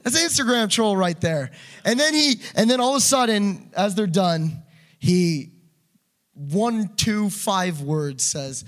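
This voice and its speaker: A man preaching a passionate sermon, swinging between loud urging and quiet asides. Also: high voice, expressive, measured pace.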